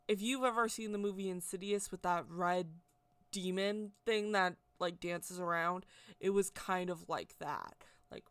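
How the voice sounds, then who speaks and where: A woman vlogger telling a personal story in a casual, rambling, excitable way, with constant "like" fillers. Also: fairly low pitch, smooth, no room sound. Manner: chatty, rambling, heavy use of "like"; excitable, animated retelling. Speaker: witchcraft vlogger.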